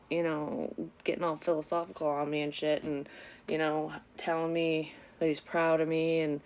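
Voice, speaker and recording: A woman's voice: deep voice, gravelly, darkish tone. A woman vlogger candidly telling a personal story in a casual, rambling way, with lots of swearing and frequent self-corrections. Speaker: psychic medium vlogger.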